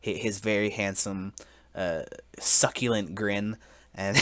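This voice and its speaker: A young man in his twenties hosting a casual podcast, telling a mock-solemn story in a halting way, full of restarts and giggles. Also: fairly low pitch, a bit bright, no echo. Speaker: podcast host.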